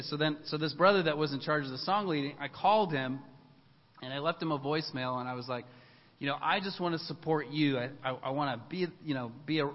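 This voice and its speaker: A man giving a sermon in a conversational way, telling a personal story with many fillers and restarts. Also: on the high side. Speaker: preacher. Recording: muffled sound with long hall reverb.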